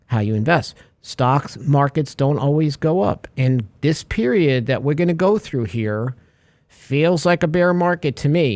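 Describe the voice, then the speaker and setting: A man co-hosting a financial talk show, talking in a jokey, animated way and leaning on extended sea metaphors, tired from little sleep. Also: medium pitch, dry recording. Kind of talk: casual radio finance chat.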